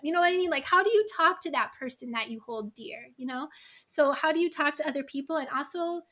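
A woman's voice: high-pitched, fast, bright, forceful tone. A middle-aged woman talking casually as a podcast guest, chatty and full of asides. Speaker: guest, email copywriter.

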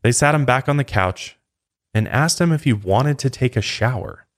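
A man hosting a podcast, narrating a true crime case in a steady, casual way with occasional asides to a co-host. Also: medium pitch, normal speed.

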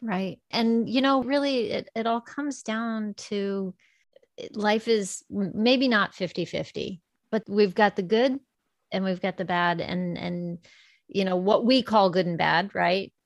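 A woman interviewing a guest, asking reflective questions slowly and searchingly, often trailing off and restarting. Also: medium pitch, no echo.

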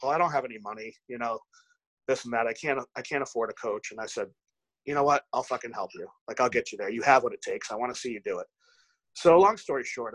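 A bodybuilding coach chats casually on a podcast, telling candid stories, swearing freely and acting out the dialogue in animated anecdotes. His voice is mid-range, with no echo but a rough recording.

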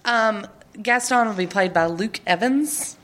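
A woman's voice: mid-range voice, unhurried, fairly bright tone. A middle-aged woman hosting a casual chat podcast, gushing and chatty, often laughing. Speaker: podcast host.

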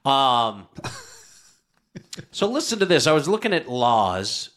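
A man co-hosting a podcast, chatting casually in a crude, excitable way. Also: medium pitch, slow pace. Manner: crude, loud, excitable banter. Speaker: podcast co-host. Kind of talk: casual chat.

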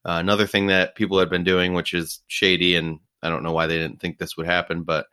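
Low, bright, clear-voiced man. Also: flat delivery, a little fast. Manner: conversational, opinionated. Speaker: podcast co-host. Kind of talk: casual chat.

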